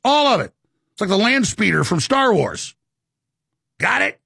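A man's voice: high-pitched, vocal fry, pushed and bright, dry recording, studio quality. A man delivering an impassioned, ranting monologue, repeating words as he pushes his points. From Texas. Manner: ranting, rapid and repetitive.

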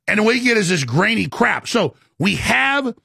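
Host, male, husky edge, dry close sound, rambling emphatic rant. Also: high voice, big pitch swings, normal speed, sharp tone, no echo. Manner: rambling, stammering restarts, emphatic outbursts. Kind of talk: fast ranting monologue.

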